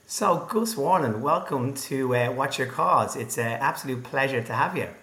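A man with an Irish accent hosting an interview podcast, introducing his guest earnestly and upbeat, often pausing with fillers. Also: medium pitch, pushed and bright, husky. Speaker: podcast host.

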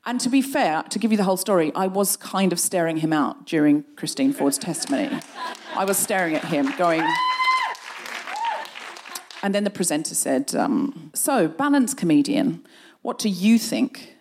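Female host, live comic storytelling; animated and acts out the quoted voices. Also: sits low, normal speed, crowd noise, background noise. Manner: animated anecdote, acting out quoted voices, laughing through. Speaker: podcast host. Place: live show on a stage.

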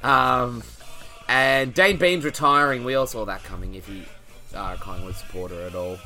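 A man's voice: mid-range voice, normal speed, bright, forceful tone, soft background music. A young man with an Australian accent, co-hosting a casual podcast chat in a laid-back, agreeable way. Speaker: podcast co-host.

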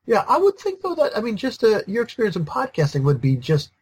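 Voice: medium pitch, wildly swooping pitch, fast talker, a little mellow, husky, no echo. A podcast guest talks in casual conversation with a mid-range voice, stopping and restarting often. They slip in dry jokes, and the recording is close with no room sound.

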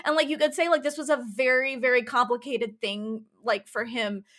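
A woman's voice: a little high, fairly even intonation, normal speed, fairly bright tone. A woman talking in a casual chat, rambling and emphatic with many restarts.

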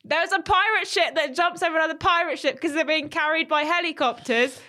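A woman's voice: extremely high pitch, a little fast. A woman co-hosting a casual film review podcast, telling stories animatedly. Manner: animated storytelling, acts out quotes. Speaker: podcast co-host.

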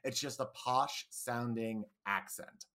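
A woman's voice: very deep voice, takes it slowly, a bit bright. A woman co-hosting a casual comedic podcast recap, enthusiastic and rambling, often laughing as she talks. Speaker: podcast co-host.

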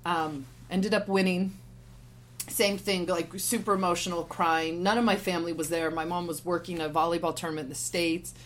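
A woman's voice: fairly low pitch, normal speed, a little hiss or hum. A woman in her forties, a podcast guest, telling a story in a casual way and acting out what others said. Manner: animated, acts out quotes of others.

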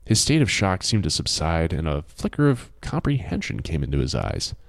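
A man narrating an audiobook in a measured, expressive storytelling manner. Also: extremely low pitch, gravelly, dry recording, clean studio sound.

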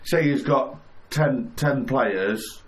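A man with a middling voice co-hosting a football chat. He talks things through with worked examples, pausing and restarting as he thinks. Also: mid-range voice. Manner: explains with worked examples, hesitant. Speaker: podcast co-host.

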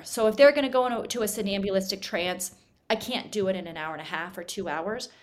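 A woman hypnotherapist, a guest on a studio podcast, explaining her work in an animated, teaching manner, swinging her loudness up and down to make points. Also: medium pitch. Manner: animated, explanatory, shifts volume to demonstrate.

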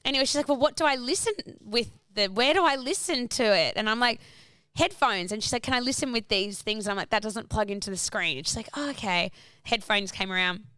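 A woman's voice: a little high, a little fast, smooth, dry recording, clean studio sound. A young Australian woman in casual chat, telling a travel story with lots of acted-out quotes and laughter. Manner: animated storyteller, acts out quotes, laughs often.

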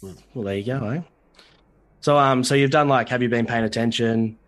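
A man hosting a casual interview, asking relaxed questions and giving short affirmations. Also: medium pitch, normal speed. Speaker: podcast host.

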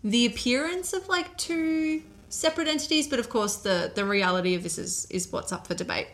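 Bright-voiced woman telling a story casually. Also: fairly high pitch, a little fast. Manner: relaxed, many fillers, laughs easily. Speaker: podcast host telling a history story.

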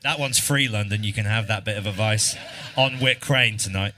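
Man, lowish voice, podcast host, long measured questions, live stage. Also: bright, forceful tone, slight background noise. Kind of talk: hosting a live interview. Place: arts club stage, indoors.

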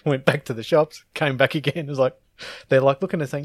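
A man's voice: medium pitch, fairly even intonation, fast, dry recording, studio quality. A man, co-hosting a podcast in casual chat and rambling through laughing anecdotes. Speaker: podcast co-host.

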